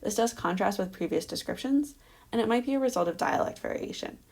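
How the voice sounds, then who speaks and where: A woman presenting her dissertation defense in a measured, explanatory academic style, walking through results on slides with an occasional um. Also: medium pitch, lively intonation, creaky, a little mellow.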